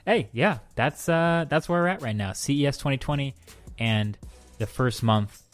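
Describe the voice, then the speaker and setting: A man co-hosting a podcast in casual chat, animated and playful, telling stories with mock exclamations, in a hotel room. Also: mid-range voice, moderate pace, faint music behind. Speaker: podcast co-host.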